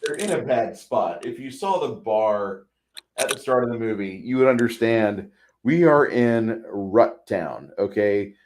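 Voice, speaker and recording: A man's voice: mid-range voice, expressive, unhurried, a little mellow, a little hiss or hum. A man co-hosting a podcast, chatting casually about a film, repeating words and acting out lines. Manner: rambling, repeats words, acts out quotes. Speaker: podcast co-host. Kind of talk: casual movie chat.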